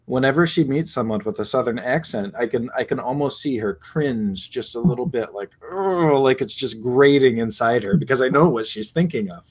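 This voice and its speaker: A man's voice: medium pitch, fairly quick, few pauses, crowd noise. A man hosting a casual writing show, chatting in a loose, rambling way. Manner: chatty, rambling, laughs easily. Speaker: podcast host. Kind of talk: casual chat.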